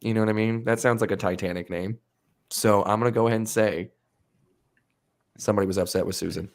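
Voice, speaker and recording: A man with a lowish voice chats on a podcast, spinning long, animated, rambling stories. He swears freely and keeps it loose and casual. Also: brisk. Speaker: podcast host.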